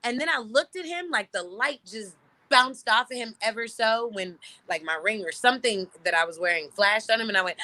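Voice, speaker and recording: Bright punchy woman in her 30s, swears a lot, acts out everybody's lines loud and high, casual chat. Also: fairly quick. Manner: animated and profane, acts out quoted lines in loud high voices. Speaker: celebrity guest.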